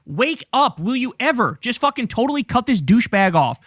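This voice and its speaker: A man's voice: very high voice, big pitch swings, fairly quick, fairly bright tone, no room sound, clean studio sound. A man giving political commentary in a sarcastic, mocking, profane tone.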